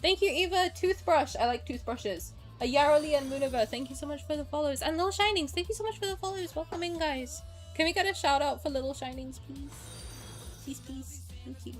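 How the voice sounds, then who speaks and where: With faint music in the background, a young English woman with a high, brisk voice chats casually on a livestream. She greets her viewers frankly and emotionally, ranting and swearing along the way.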